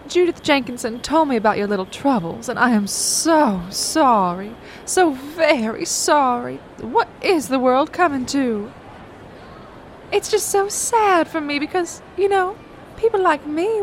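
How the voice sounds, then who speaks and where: A woman playing a gloating older Southern mother who hides her digs behind drawn-out fake sweetness. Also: sits high, a little hiss or hum. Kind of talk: comedic audio drama acting.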